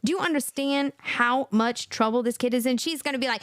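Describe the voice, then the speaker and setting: A woman's voice: sits high, brisk, few pauses, a bit bright, dry recording, studio quality. A woman hosting a live stream and giving reaction commentary, laughing often, repeating herself, incredulous.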